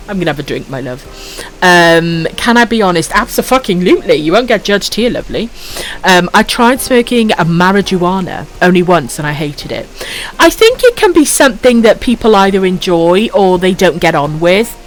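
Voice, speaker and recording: A woman's voice: on the low side, expressive, moderate pace, soft background music. A Welsh woman in her thirties chatting casually on a late-night stream, swearing freely and calling viewers pet names. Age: 30s. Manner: foul-mouthed, affectionate, reads chat aloud, giggly.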